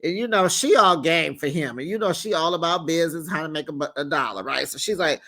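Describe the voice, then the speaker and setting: A man with a slightly high voice recaps a reality show in a loose, gossipy way. He is sassy, talks straight to his viewers with pet names, and laughs as he goes. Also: fast, hardly any pauses, pushed and bright. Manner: laughs often while telling the story. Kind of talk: casual gossipy recap commentary.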